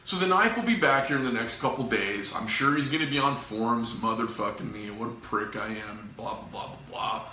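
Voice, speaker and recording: Middle-aged guy who runs a knife shop, ranting and cursing to camera, bright punchy voice. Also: mid-range voice, brisk, few pauses, reverberant, a little hiss or hum. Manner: profane, frustrated, rambling. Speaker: knife company owner. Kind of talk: casual venting to camera.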